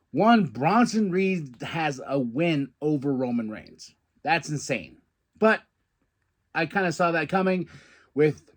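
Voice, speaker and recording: A man hosting a podcast, chatting casually through a wrestling recap and acting out quotes. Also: mid-range voice. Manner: chatty, fan-like, quotes wrestlers in animated bursts. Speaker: podcast host.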